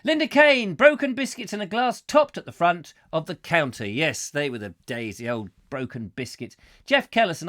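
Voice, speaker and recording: A man's voice: high voice, very animated, normal speed, a bit bright. A middle-aged man hosting a comic live chat show, rambling playfully and breaking into silly voices and sung sound effects.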